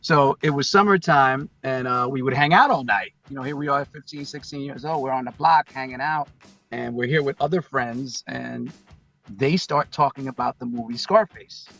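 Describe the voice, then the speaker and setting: A man's voice: mid-range voice, moderate pace, creaky, soft background music. A man, a guest on a podcast, telling a long story casually and acting out what people said. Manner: animated storyteller, acts out quotes. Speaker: guest, hip-hop intro performer.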